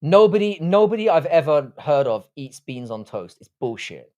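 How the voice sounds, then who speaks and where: A man's voice: fairly high pitch, very animated, normal speed, dark tone. A man hosting a live stream, casually reading out chat and trading profane mock insults with viewers. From England.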